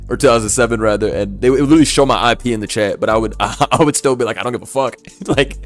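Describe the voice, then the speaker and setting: Animated young man telling a story. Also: medium pitch. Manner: animated, swearing, laughing, acts out voices. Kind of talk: casual storytelling.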